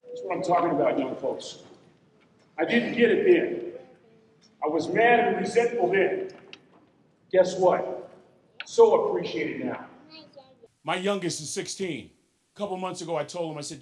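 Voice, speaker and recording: A man in his sixties giving a motivational keynote to young people, preaching to the crowd, calling out to them and swinging between soft and shouted lines. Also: sits high, lively intonation, normal speed, pauses often, slight background noise. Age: 60s.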